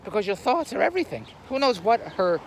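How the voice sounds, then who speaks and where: An older man rants bluntly to a camera outdoors, with faint street noise around him. His voice is fairly high for a man, and it rises and falls a great deal. He rambles, repeats himself, and laughs at his own jokes. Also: very animated, fast, vocal fry. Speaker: YouTube commentator. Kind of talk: rambling opinionated monologue. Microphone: camera on a tripod.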